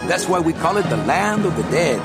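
A dry-witted skeleton travel agent who greets souls in the land of the dead. His delivery stays calm and wry, like a game cutscene. Loud music plays behind him. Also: fairly high pitch, fairly quick. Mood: explaining.

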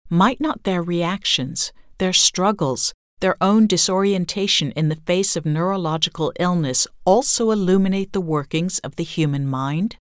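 A woman with a low voice reads a long essay aloud in a measured, even way. Her delivery is scripted narration, steady and unhurried. The recording is dry and close, with no room sound. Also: dry recording.

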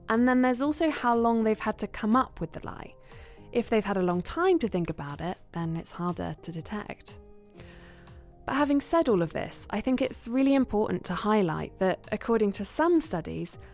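A woman's voice: medium pitch, darkish tone. Woman co-hosting a podcast. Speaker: podcast co-host. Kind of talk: scripted podcast discussion.

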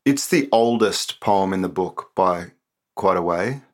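A man, a poet being interviewed, talking in a reflective, measured way. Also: deep voice, animated. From Australia. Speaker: poet and author, interview guest. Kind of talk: conversational interview.

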